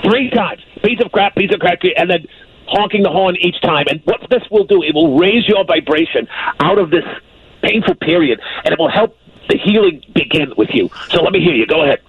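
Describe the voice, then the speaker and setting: A man's voice: a little high, animated, fairly quick, breathy edge, dry recording. A man giving psychic readings on a call-in radio show, talking emphatically in a folksy, repetitive way over the phone. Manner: emphatic, folksy, repeats himself. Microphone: telephone. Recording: phone line with faint hiss.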